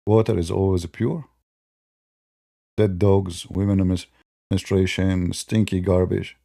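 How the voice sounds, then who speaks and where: Man, gravelly dark voice, sarcastic combative online debater, non-native English phrasing. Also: sits low, flat delivery, measured pace, no echo, studio quality. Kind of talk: polemical monologue.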